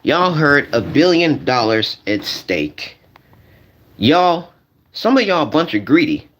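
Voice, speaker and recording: Animated ranting man streamer. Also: fairly high pitch, slow, a little hiss or hum. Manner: animated, repetitive, addresses the audience directly. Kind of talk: comedic rant to a live chat.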